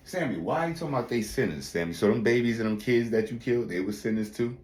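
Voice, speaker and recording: A man giving casual reaction commentary, animated, incredulous and slangy. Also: mid-range voice, fast. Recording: echoey room, faint noise.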